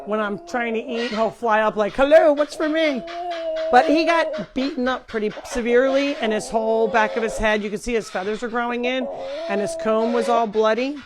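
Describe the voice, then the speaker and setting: A middle-aged woman hosts a casual live stream from the animal sanctuary at her home, chatting away and cooing to her pets in a sing-song baby voice. Her voice sits a little high, with a steady tone and a brisk pace.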